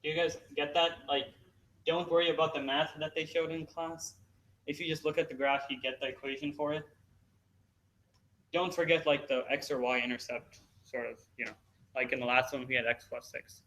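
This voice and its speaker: A man's voice: a little high, normal speed. A man casually tutoring a small group through graphing problems, with lots of "like" and "you know". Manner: relaxed, filler-heavy explaining. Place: classroom. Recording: echoey classroom, far from mic, noisy.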